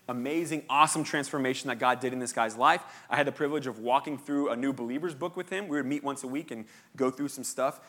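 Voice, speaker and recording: A man preaching a sermon in a church, telling a story with animated, rising emphasis. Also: medium pitch. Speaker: pastor. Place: church auditorium.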